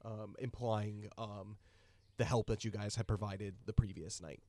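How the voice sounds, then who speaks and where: A man running a tabletop game as game master, narrating loosely with lots of "uh"s and "like"s. His voice is on the low side and recorded dry and close, with no room echo. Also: unhurried. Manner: relaxed, many fillers.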